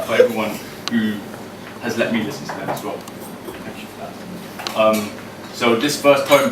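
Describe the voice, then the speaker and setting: British man, poet at a live event, chatty, rhythmic delivery, echoey room, distant mic, loud background noise. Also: medium pitch. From Britain. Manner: chatty and self-deprecating, then rhythmic declaiming. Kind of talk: live poetry performance.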